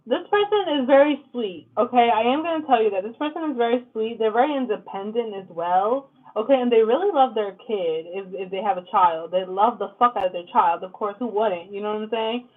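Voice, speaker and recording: A woman's voice: fairly high pitch, expressive, a little fast, hardly any pauses. Blunt, swearing woman tarot reader. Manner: blunt, profane, fillers like "like" and "okay?". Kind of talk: casual tarot reading to camera. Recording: lo-fi phone-like sound.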